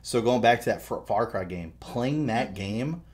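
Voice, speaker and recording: A man's voice: mid-range voice, measured pace. Guy on a podcast, swears a lot, gets really into retelling stuff. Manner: profane, animated storytelling. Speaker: podcast host. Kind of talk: casual chat.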